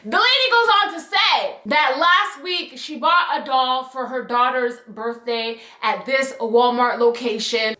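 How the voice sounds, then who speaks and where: A young woman telling a storytime vlog in an animated, sassy and profane way. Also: high-pitched. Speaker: vlogger. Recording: echoey room.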